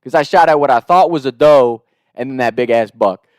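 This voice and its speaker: A man's voice: mid-range voice, brisk, darkish tone, clear, resonant tone, no echo, studio quality. A man casually telling a comic story, rambling and profane, laughing between his lines.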